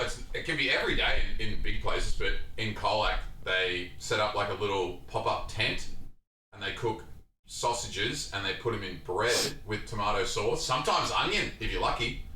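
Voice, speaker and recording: A man's voice: fairly low pitch, normal speed, sharp tone, echoey room, recorded from a distance, a little hiss or hum, low-quality recording. An Australian man chatting casually and bluntly beside a streamer, teasing her. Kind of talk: casual chat.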